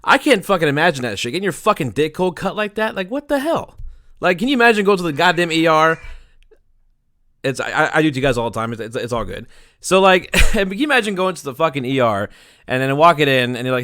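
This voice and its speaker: A man's voice: fairly high pitch, very animated, fast, fairly bright tone, dry recording, studio quality. A man rambling crudely through closing thoughts on a casual podcast, swearing and laughing as he goes. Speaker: podcast producer.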